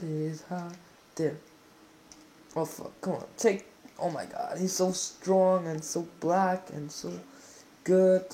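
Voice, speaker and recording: A man giving live commentary while playing a football video game, exclaiming and swearing excitedly at the action. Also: high-pitched, slight background noise.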